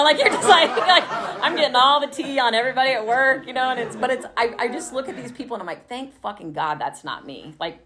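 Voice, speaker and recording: A woman's voice: on the high side, fairly bright tone. A woman from Texas telling her recovery story in a casual, chatty way, swearing freely and laughing often.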